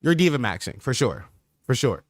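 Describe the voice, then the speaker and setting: A man's voice: medium pitch, sing-song, normal speed, no echo, studio quality. A man hosting a podcast stream in casual chat, riffing with slang in a repetitive, joking, mock-sincere way. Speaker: podcast host.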